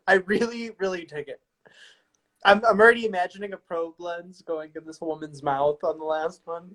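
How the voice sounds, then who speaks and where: A man guesting on a live chat, relaxed and enthusiastic. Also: high voice, a little slow, long pauses, rough recording. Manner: enthusiastic, laid-back. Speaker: guest filmmaker. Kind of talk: casual chat.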